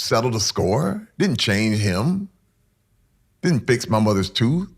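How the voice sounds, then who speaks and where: A middle-aged man with a very deep, gravelly and husky voice recounts a painful personal story as an interview guest. He swings from hushed, whispered lines to sudden loud outbursts, speaking with raw intensity. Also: lively intonation, unhurried, pauses often.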